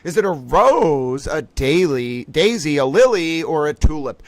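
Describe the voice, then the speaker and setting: Animated, mock-outraged male stream host. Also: a little high, normal speed, few pauses, no echo, low-quality recording. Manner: playfully indignant, mock-outraged, rambling asides. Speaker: livestream host running a trivia game. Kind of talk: casual livestream chat.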